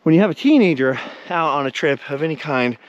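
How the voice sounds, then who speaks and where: A man's voice: on the high side, lively intonation, fast, no echo, muffled recording. A middle-aged man, out of breath, chatting in a rambling vlog while hiking outdoors at old ruins. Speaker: vlogger. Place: outdoors at a desert mine ruin.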